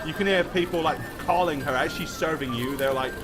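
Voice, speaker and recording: A man's voice: fairly high pitch, brisk. A man narrating a tabletop game as game master, in a casual, chatty way. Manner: casual, chatty, thanks viewers. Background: background music.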